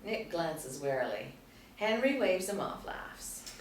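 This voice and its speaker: A woman reads screenplay action lines in a steady, plain way, her voice very low for a woman. She sounds distant in a roomy space, with a faint hum beneath. The reading stays even throughout. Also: takes it slowly. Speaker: narrator reading stage directions. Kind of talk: screenplay table read narration.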